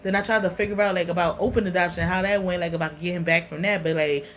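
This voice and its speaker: A woman's voice: lowish voice, fairly even intonation, fast talker, slight background noise. A woman with a New York accent telling a personal story to her vlog audience in a candid, emotional way with lots of slang. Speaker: vlogger. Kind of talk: casual storytelling to camera.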